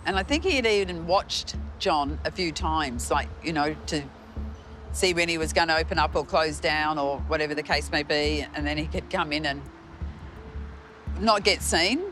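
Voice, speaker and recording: A woman psychic, describing her impressions in halting, searching speech. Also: sits low, a bit bright, soft background music.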